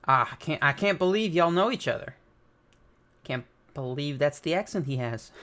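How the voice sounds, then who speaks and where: A man's voice: a little high, a bit bright, clean tone. A man hosting a manga reaction video, reading the chapter aloud and dropping casual comments between the lines. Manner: casual, reads dialogue aloud with light commentary.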